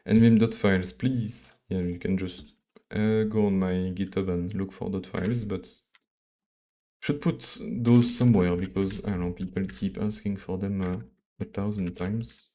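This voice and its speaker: A man from Belgium with a French accent, live-coding on a stream and thinking aloud in a halting, mumbling way full of fillers and restarts. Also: deep voice, fairly even intonation, mellow.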